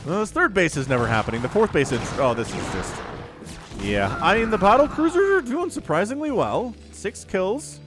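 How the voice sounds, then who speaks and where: A man casting a strategy game match alone, with excitable, jokey play-by-play. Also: high-pitched, moderate pace, soft background music. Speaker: esports caster. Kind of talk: solo game commentary.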